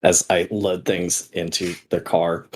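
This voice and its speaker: A man's voice: sits low, flat delivery, slow, a little hiss or hum. A man taking part as a player in a tabletop game, laid-back and blunt.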